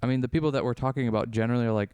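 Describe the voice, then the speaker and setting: A man's voice: mid-range voice, steady tone, rapid-fire, darkish tone, smooth, no echo. A young adult man co-hosting a podcast in casual chat, rambling and questioning himself as he acts out little quotes. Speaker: podcast co-host.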